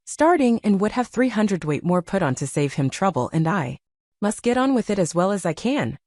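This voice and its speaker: A woman doing a gruff carter man. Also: mid-range voice, very animated, moderate pace, darkish tone, no echo, studio quality. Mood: grudging. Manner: plain-spoken, apologetic to a lady. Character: gruff working-class male carter.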